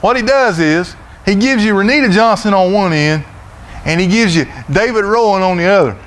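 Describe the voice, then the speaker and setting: A middle-aged man with a Southern US accent preaching a sermon in a church, folksy and loud, often repeating his words as he goes. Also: high-pitched, normal speed. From Florida, USA. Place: church sanctuary.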